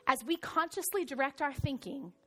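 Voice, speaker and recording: High-voiced woman pastor preaching. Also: moderate pace, soft background music. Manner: animated storytelling, swings from soft to loud. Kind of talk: sermon.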